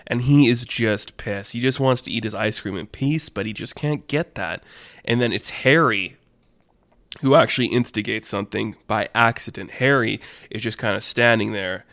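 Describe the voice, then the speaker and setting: A man's voice: fairly low pitch, normal speed, a bit bright, dry recording. A man telling an improvised story in a rambling, filler-heavy way, laughing at his own jokes.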